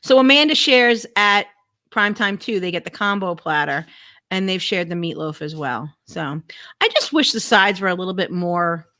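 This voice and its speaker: A woman co-hosting a casual live stream chat about food, chatty and quick to laugh, often restarting her words. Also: fairly low pitch, animated, bright, forceful tone.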